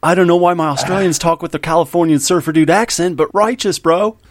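A man's voice: on the high side, fairly even intonation, quick pace, slight background noise. A man co-hosting a podcast in casual, joking banter with friends. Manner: jokey, laughing, playful banter. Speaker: podcast co-host. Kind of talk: casual chat.

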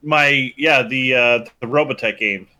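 Rambling, animated man. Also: medium pitch, measured pace. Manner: animated, rambling storyteller with restarts. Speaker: guest. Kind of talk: casual chat.

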